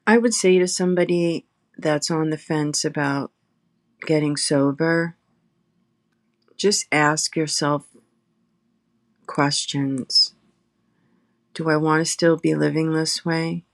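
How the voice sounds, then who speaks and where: A middle-aged woman, a guest in recovery, telling her personal story slowly and reflectively, pausing often. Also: sits low, steady tone, no room sound, studio quality. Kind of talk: emotional personal testimony. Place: her apartment.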